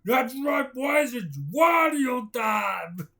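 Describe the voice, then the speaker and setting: A woman voicing a boastful, shouting cartoon villain who plans to wreck the video. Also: on the high side, sing-song, drawn-out words, vocal fry, voice pushed up, exaggerated voice. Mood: gloating.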